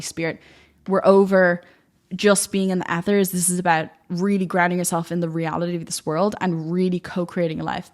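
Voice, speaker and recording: A young woman speaks in a gushing, effusive stream, full of "like" and sudden enthusiasm. She sounds slightly out of breath, her voice wearing thin after a long talk. Her pitch sits a little on the low side for a woman. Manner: gushing, effusive, uses "like" often. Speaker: manifestation coach. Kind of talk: enthusiastic spiritual pep talk.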